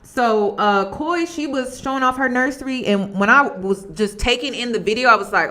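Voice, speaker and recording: A woman's voice: mid-range voice, normal speed, sharp tone. A woman vlogger giving casual commentary, candid and emphatic, repeating her points.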